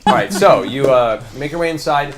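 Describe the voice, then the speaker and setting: A man narrating as game master in a tabletop game, describing scenes vividly and pausing often on "uh". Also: mid-range voice, a crowd in the background. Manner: animated storyteller with frequent "uh" pauses. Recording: noisy live stream recording.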